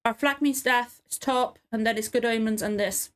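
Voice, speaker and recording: A woman's voice: a little high, fairly even intonation, normal speed, fairly bright tone. A woman in tears and sniffling, rambling emotionally and swearing often as she reacts to a TV episode at home. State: tearful and sniffling. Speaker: reaction video host. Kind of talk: casual reaction commentary.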